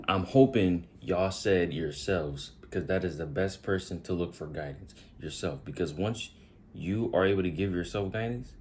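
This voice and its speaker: Deep-voiced man giving a motivational talk. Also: normal speed, darkish tone, a little hiss or hum. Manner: preachy, addresses viewers directly with repeated questions. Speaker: motivational video host. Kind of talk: direct-to-camera motivational talk.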